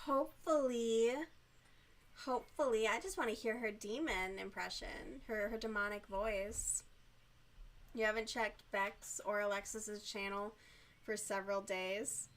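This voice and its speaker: A woman streamer chatting casually while she crochets, giggly, youthful-sounding and quick to swear. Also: medium pitch, fairly even intonation, fairly bright tone.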